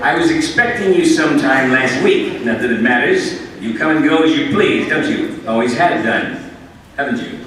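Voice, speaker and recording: A man's voice: mid-range voice, animated, moderate pace, crowd noise, close to an everyday voice. An actor playing a fussy, flustered old male hobbit in a live comedic script reading, chatty and fretting. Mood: genial. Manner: fussing, chatty, breaks into laughs. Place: large convention hall, panel stage. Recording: echoey hall, far mic, hum.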